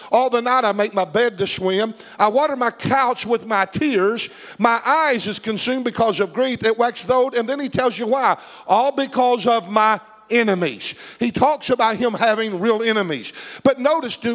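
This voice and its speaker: A man's voice: sits high, a bit bright. A man preaching a sermon, reading scripture and putting questions to his congregation.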